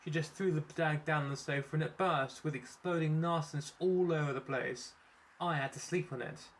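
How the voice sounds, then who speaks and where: Man doing a rambling employee, apologetic, long-winded, higher voice, comic story reading. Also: steady tone, normal speed, close to an everyday voice. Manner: long-winded, apologetic, stubbornly keeps telling his story. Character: rambling male employee explaining himself.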